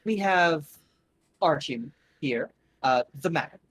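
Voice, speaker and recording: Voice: medium pitch, lively intonation, fairly bright tone, a little hiss or hum, low-quality recording. A game master doing a stiff, polite woman leader. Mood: formal. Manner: formal, measured, restrained. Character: polite, stern older-sounding woman leader.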